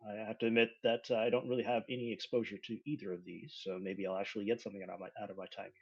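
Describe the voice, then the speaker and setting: A man's voice: lowish voice, flat delivery, racing, darkish tone, husky. A man playing a tabletop game, speaking in character with jokes and stammering. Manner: joking, stammering. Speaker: player. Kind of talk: in-character tabletop role-play. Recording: dull lo-fi mic.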